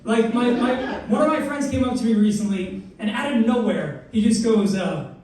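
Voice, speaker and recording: This twentysomething comic has an extremely high-pitched, darkish voice and talks at a normal speed while doing crude, wandering, self-deprecating stand-up. The mic is heard from afar in an echoey club, with crowd noise and laughter from the audience.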